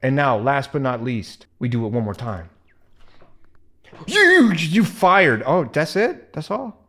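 A man's voice: medium pitch, big pitch swings, normal speed. A young man talks through a video game in casual let's-play style. He is jumpy and squeamish, often groaning, muttering and swearing at the screen. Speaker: gaming video creator.

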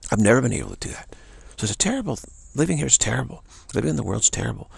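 A man's voice: medium pitch, very animated, rapid-fire, gravelly, husky, dry recording. A man giving an informal spiritual talk, rambling through anecdotes and acting out the voices of people he quotes. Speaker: spiritual teacher.

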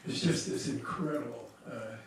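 A man's voice: medium pitch, moderate pace. Man lecturing in an echoey hall. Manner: lively storyteller who acts out the people he quotes; frequent hesitations and restarts. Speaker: psychologist leading a seminar. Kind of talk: seminar lecture with case story. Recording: echoey hall from far off, faint noise.

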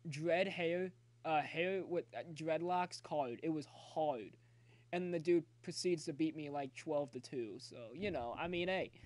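Young dude hyping up his baseball game on stream, kinda high voice, yells at players, talks to chat. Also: no room sound. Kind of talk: live gameplay commentary. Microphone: phone.

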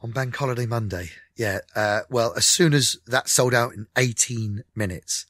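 A man's voice: medium pitch, normal speed, dry recording, clean studio sound. A middle-aged man, a musician, telling candid stories in a radio interview and acting out the conversations. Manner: animated, candid storyteller who acts out conversations. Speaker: musician guest.

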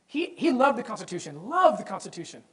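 A man's voice: sits high, fast talker, poor audio. Man, impassioned lecture, emphatic delivery, rhetorical questions, repeated words. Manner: repeats words when excited. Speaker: presenter. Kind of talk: impassioned religious history lecture.

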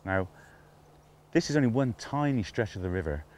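A man's voice: fairly low pitch, very animated, moderate pace, darkish tone. A man presenting a fishing show outdoors on a riverbank, talking with admiring enthusiasm, half to himself. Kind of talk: casual outdoor presenting to camera.

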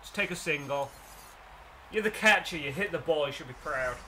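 An English man narrates his own baseball video game match, excitable and cocky, talking to himself as he plays. His voice sits a little high and swings widely in pitch. Clear game noise sits under his commentary. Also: normal speed. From England. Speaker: let's play gamer. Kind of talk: live gameplay commentary.

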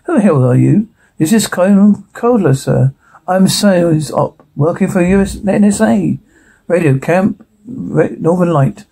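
Alone with a TV script, a man performs all the parts and reads out every sound cue and stage direction in a single voice, tripping up and restarting frequently. He sounds high, animated, creaky, mellow and slightly rough, keeping a measured pace.

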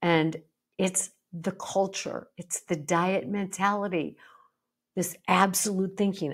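A woman's voice: fairly low pitch, fairly even intonation, slow, husky. A woman psychologist hosting a podcast, talking emphatically and getting fired up, slipping into mocking quotes. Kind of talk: podcast monologue.

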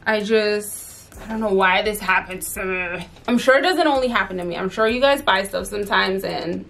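A woman's voice: mid-range voice, normal speed, vocal fry, fairly bright tone. A young adult woman chatting casually through a handbag unboxing, chatty and exasperated, full of fillers. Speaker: fashion vlogger.

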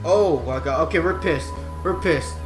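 A man commenting over gameplay, excitable and reacting with lots of exclamations. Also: a little high, moderate pace, roomy sound. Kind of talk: let's play commentary. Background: game music.

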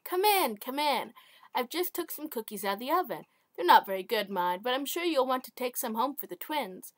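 Prattling elderly widow, a woman reading it, warm and rambling, slightly high. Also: animated, normal speed, no echo, studio quality. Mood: chatty. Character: chatty lonely old widow woman.

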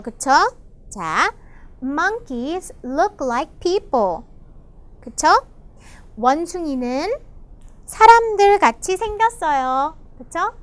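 Brief: woman teacher, enthusiastic storybook reader, bright high voice, fast delivery. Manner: enthusiastic, gasps often, explains in Korean. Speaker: English teacher reading a picture book. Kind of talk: bilingual storybook lesson for children.

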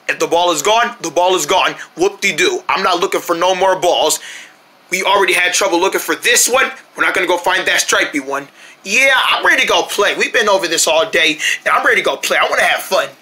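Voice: mid-range voice, lively intonation, a little fast, pushed and bright. A performer voicing a bossy, argumentative young cartoon boy who bickers and whines. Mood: fed up. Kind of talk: homemade cartoon voice acting.

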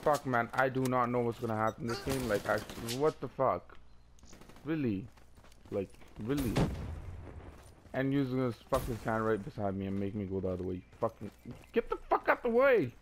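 A man's voice: medium pitch, normal speed, noisy background. A young man swearing in frustration as he comments on his own shooter gameplay. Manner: profane, exasperated, yelling in frustration. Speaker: gaming YouTuber. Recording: game gunfire behind voice.

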